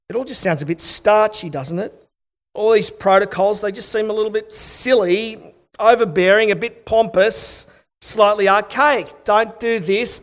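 A middle-aged Australian man preaching a sermon, telling stories with wry humor and rhetorical questions. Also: high voice. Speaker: pastor.

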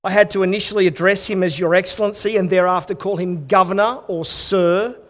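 High-voiced Australian pastor preaching. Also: male voice, fairly even intonation, fairly quick, a bit bright. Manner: humorous storytelling, wry asides and rhetorical questions. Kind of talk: sermon.

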